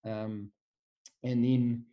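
A man's voice: mid-range voice, level tone, very slow, lo-fi sound. A man in his forties with a New Zealand accent, a guest coach telling his story in a laid-back, rambling way and calling the host "mate" all the time. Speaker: guest, strength and conditioning coach. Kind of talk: casual podcast interview. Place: office.

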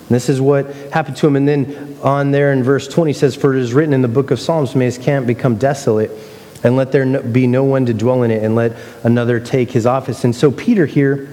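A man's voice: medium pitch, warm tone, long reverb tail. A man preaching a sermon in a conversational way, acting out playful mock quotes. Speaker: pastor.

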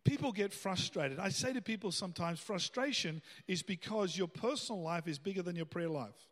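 Male pastor, high voice, casual sermon with emphatic peaks, reverberant church hall. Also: lively intonation, moderate pace. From Australia. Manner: conversational preaching, rising to emphatic bursts.

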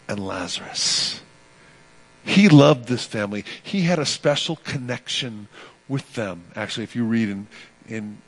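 This preacher's voice sits on the low side with noticeable vocal fry. He delivers his sermon emphatically, repeating phrases and alternating between loud and soft sections.

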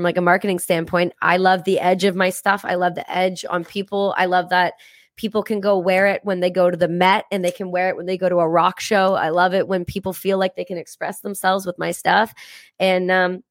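A woman in her thirties, a podcast guest, talking in a blunt, profane and energetic way in a casual interview. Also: fairly low pitch, brisk, dry recording, clean studio sound.

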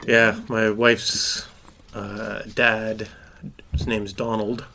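Man, podcast co-host, laid-back casual chat, bright edge to his voice. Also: fairly low pitch, level tone, extremely slow, a little hiss or hum. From Canada. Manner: laid-back, brief replies.

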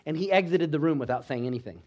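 A man preaching a sermon with exhortations, swinging between loud emphatic lines and quiet low ones. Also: fast. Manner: exhorting, with call-and-response asides. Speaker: pastor.

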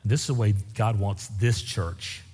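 A man's voice: moderate pace, breathy edge. A pastor preaching a sermon, telling folksy stories with big swings in his voice. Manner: folksy storytelling with lively swings in pitch. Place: church sanctuary. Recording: echoey hall with long reverb.

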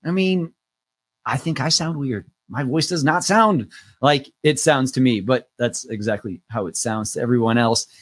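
A man in his thirties, a loan officer who co-hosts a podcast, talks casually and wanders a bit, dropping frequent "uh" fillers. His voice is mid-range and his pace moderate, and he sounds relaxed.

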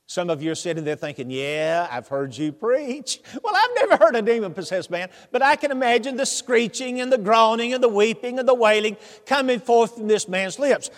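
A man's voice: extremely high pitch, lively intonation, fairly quick, few pauses. A man preaching a sermon, telling the story animatedly with humor and asking the congregation questions. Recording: long hall reverb.

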